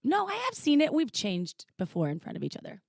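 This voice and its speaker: A woman's voice: high-pitched, huge pitch swings, a little fast, creaky, dry recording. A woman co-hosting a podcast, bubbly and teasing in casual chat. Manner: bubbly, teasing, laughs often. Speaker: podcast co-host, sex toy industry executive.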